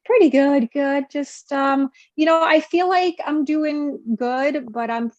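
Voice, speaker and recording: A chatty woman caller with a fairly high voice, often leaning on fillers as she speaks. Her voice comes through a dull, muffled line, and the sound is dry and close. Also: slow pace, a little mellow, no room sound. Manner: chatty, fillers like "you know". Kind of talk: casual call-in chat.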